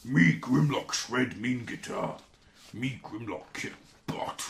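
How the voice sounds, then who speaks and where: A man's voice: medium pitch, expressive, takes it slowly, creaky. A British man voicing a dim, boastful male robot dinosaur who talks in broken caveman grammar.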